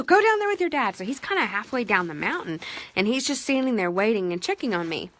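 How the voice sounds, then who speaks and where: A woman and mother telling a family story to the camera in a casual, animated, self-mocking way. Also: on the high side.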